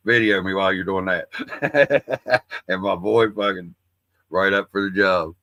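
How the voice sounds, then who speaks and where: A man's voice: low-pitched, pushed and bright, no echo. A middle-aged man hosting a livestream, rambling in a folksy, profane, casual way. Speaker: livestream host.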